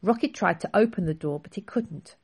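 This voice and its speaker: A woman author reading her own children's book aloud in a clear, expressive storybook style. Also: mid-range voice, a little fast.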